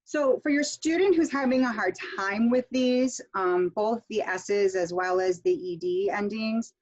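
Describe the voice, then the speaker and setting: A woman teaching a pronunciation workshop online. She explains slowly, keeps checking in with "okay?", and corrects herself along the way. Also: mid-range voice, darkish tone, muffled recording. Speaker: pronunciation instructor.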